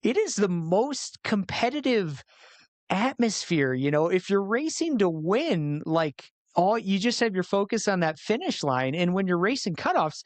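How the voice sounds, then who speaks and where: A man's voice: high voice, very animated, a little slow, no room sound. A man hosting a podcast interview, talking enthusiastically in a casual chat with frequent restarts. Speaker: podcast host.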